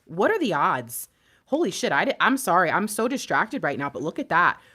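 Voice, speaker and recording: A woman giving an emotional tarot reading to her viewers, swinging between hushed whispers and loud impassioned pleading, shaking and near tears. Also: fairly low pitch, sing-song, moderate pace, breathy edge. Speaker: intuitive tarot reader.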